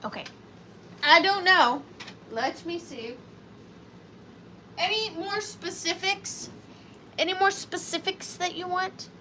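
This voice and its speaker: A high-voiced woman with a Southern US accent runs a live vintage sale, chatting to buyers in a playful sing-song way. She talks at an easy, unhurried pace. Clear background noise runs under her voice. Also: pushed and bright. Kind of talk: live auction stream chat.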